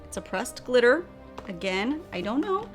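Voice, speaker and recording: A woman's voice: a little high, very animated, moderate pace, faint music behind. A young woman narrating a makeup tutorial, bubbly and chatty, with playful sound effects as she works. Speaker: beauty vlogger.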